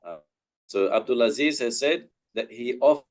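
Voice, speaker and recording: Australian man, unhurried webinar talk. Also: medium pitch, huge pitch swings, gravelly, poor audio. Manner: thoughtful, many pauses and restarts. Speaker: webinar guest speaker. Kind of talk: informal talk with audience questions.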